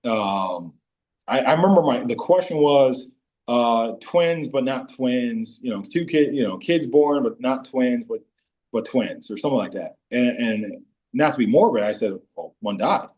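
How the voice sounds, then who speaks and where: Man telling locker-room stories. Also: unhurried. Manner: animated anecdotes, jumps into high-pitched impressions of teammates. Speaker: podcast guest, former pro football player. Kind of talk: casual storytelling interview.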